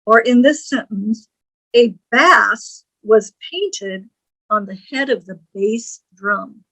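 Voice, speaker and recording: Slow-spoken woman lecturing on grammar. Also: on the high side, animated, fairly bright tone, poor audio. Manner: slow, deliberate, spells words letter by letter. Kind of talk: recorded lecture.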